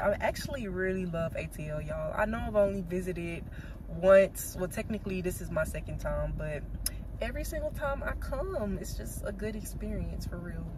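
A woman's voice: mid-range voice, background noise. A young woman with a Southern American accent, chatting casually to her camera as a vlogger and calling her viewers y'all. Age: young adult. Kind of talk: casual vlog chat to camera.

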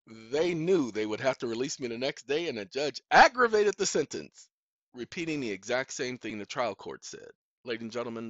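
A man giving an impassioned, preachy monologue to camera, full of rhetorical questions to his audience. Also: no room sound. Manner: swings between loud outbursts and low, hushed stretches. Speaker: video blogger. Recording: dull, dry lo-fi recording.

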